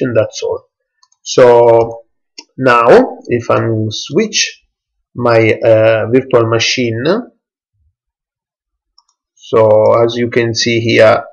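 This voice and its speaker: A young man, an English speaker, walks through a computer setup in a screencast tutorial, pausing often and restarting his sentences. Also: mid-range voice, creaky, highs cut off. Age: young adult. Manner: halting, many fillers and restarts, non-native English. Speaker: tech tutorial presenter.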